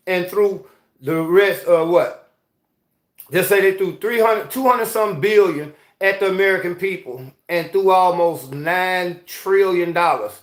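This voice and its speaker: A man's voice: high voice, echoey room. A man hosting a rambling, heated commentary monologue, often asking "you see what I'm saying". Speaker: host.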